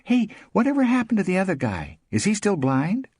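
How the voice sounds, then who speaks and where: A man's voice: high voice, wildly swooping pitch, brisk, a little mellow, slightly rough, no echo, studio quality, voice pushed up, exaggerated voice. A male narrator voicing Tiger, a brash, gushing woman at a party, with a raised, exclamatory voice. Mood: teasing.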